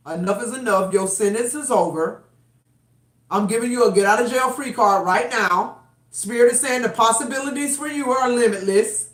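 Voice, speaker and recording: A woman doing a live-stream tarot reading, blunt and profane, with fired-up, emphatic delivery. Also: fairly high pitch. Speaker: tarot reader. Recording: roomy echo.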